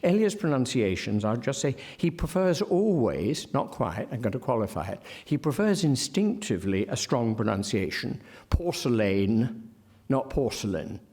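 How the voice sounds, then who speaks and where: A male literary scholar giving an academic lecture in a wry, digressive way, with frequent ums and self-corrections, slowing down to carefully sound out example words. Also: mid-range voice, sing-song, darkish tone, husky.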